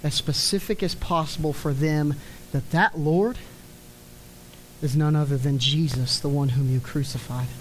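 Slow, emphatic woman preaching a sermon. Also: deep voice, fairly even intonation, a little hiss or hum, low-quality recording. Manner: emphatic, drawn-out words with falling endings.

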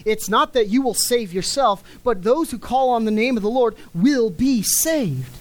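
A woman's voice: fairly high pitch, lively intonation, darkish tone, poor audio. A woman preaching a sermon in an emphatic way, stretching key words and letting her lines fall at the end. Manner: emphatic, drawn-out words with falling endings.

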